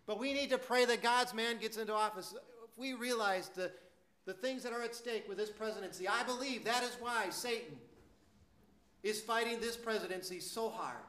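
Bright-voiced man preaching earnestly. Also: high-pitched, moderate pace. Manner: earnest, emphatic storytelling with some stammered restarts. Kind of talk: sermon.

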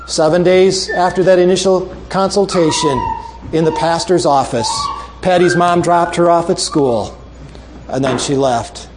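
Man, preacher, sermon, earnest repeated appeals, soft low drops, somewhat high voice, faint background noise. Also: fairly even intonation, unhurried. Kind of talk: sermon with closing story and altar call.

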